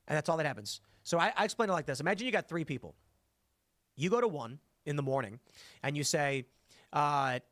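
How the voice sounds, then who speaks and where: A man's voice: a little high, very fast, dry recording, studio quality. A man hosting a casual political chat, reading viewer comments and acting out everyday people's voices. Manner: animated, acts out voices of others in anecdotes.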